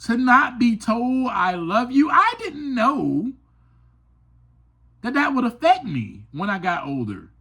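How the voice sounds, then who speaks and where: A man hosting a podcast, telling a personal story in an earnest, emphatic monologue that climbs to passionate peaks and drops to quiet asides. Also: extremely high pitch, very animated, slow, vocal fry, husky. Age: adult. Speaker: podcast host.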